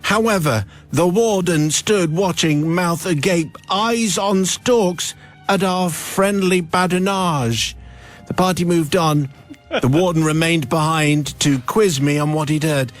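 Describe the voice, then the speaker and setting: A middle-aged man hosting a radio show, reading out a listener's letter with lively storytelling. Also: fairly high pitch, a little slow, soft background music. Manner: lively storytelling with laughs and put-on voices. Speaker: radio host.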